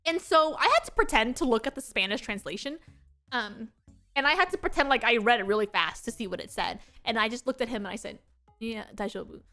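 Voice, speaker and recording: A young American woman, a VTuber streamer, tells chatty travel stories in a high, bright voice, talking fast. She giggles often and animatedly voices the people she met, with soft music faintly in the background.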